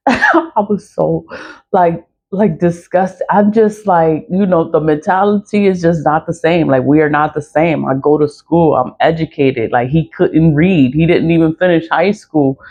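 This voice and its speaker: A woman in her forties who sells spiritual products launches into a blunt, profane, casual rant about something that happened to her, laughing often. Her voice is low, unhurried and slightly mellow, captured on a dull lo-fi recording.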